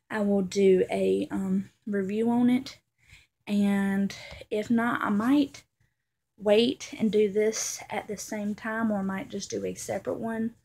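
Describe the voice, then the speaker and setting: Female vlogger with a drawl, slow and gravelly, gushing and emotional, slipping into whispers. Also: medium pitch, warm tone. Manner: gushing, emotional, with many fillers. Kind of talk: casual unboxing vlog.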